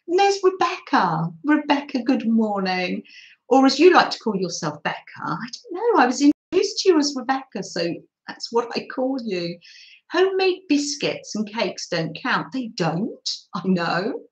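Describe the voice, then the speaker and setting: An older woman talks in an unhurried, easy way, greeting viewers during a relaxed craft live stream. Her soft, chatty voice carries some room echo. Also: fairly high pitch. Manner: soft, chatty, often laughing and apologising. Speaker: craft channel host.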